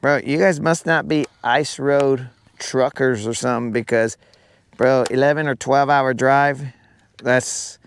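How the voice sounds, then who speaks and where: A man's voice: mid-range voice, steady tone, a little slow, clean tone. A man hosting a live fishing stream, chatting casually with viewers and trading teasing jokes full of slang.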